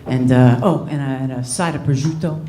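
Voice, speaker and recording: A woman doing an impression of a gruff, older tough-guy mobster who mumbles threats with a drawn-out "uh". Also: very deep voice, steady tone, mellow, reverberant, a little hiss or hum, voice pushed down. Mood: menacing. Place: comedy club stage.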